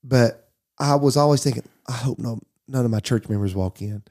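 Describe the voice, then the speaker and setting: A man's voice: mid-range voice, normal speed, a little mellow. A man, a pastor hosting the talk, speaking candidly and easily in casual conversation. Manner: easygoing, candid, storytelling. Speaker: pastor and podcast host. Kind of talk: casual chat.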